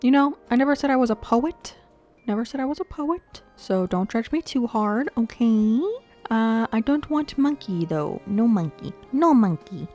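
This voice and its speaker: A woman's voice: a little high, animated, moderate pace, darkish tone, soft background music. A young woman giving chatty, playful commentary while playing a video game, laughing often and talking to her viewers. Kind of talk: casual gameplay commentary.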